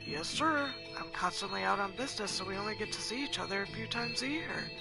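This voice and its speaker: A woman's voice: mid-range voice, brisk, vocal fry, over music, natural voice. A woman voicing a talkative, nervous young male merchant in a game. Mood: friendly. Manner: talkative, rising to panicked cries.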